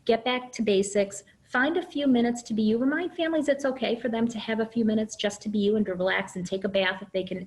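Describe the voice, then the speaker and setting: A woman's voice: mid-range voice, rough recording. A middle-aged woman giving a webinar presentation as an early childhood program director, speaking candidly and using herself as an example, with plenty of "um"s. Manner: candid, uses herself as example, many fillers.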